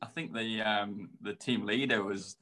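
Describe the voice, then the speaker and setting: A lowish male voice, British with a touch of Australian twang, talking as a guest over a video call. He sounds relaxed and matey, with faint noise behind him. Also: a little slow. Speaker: podcast guest, former cyclist. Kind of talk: casual podcast interview.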